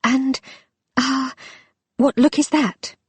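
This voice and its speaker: A woman's voice: on the high side, big pitch swings, quick pace, darkish tone, breathy edge, no room sound, voice pushed up, exaggerated voice. A woman reading an audiobook, voicing a shy, bookish young woman in love with a lighter, wondering voice.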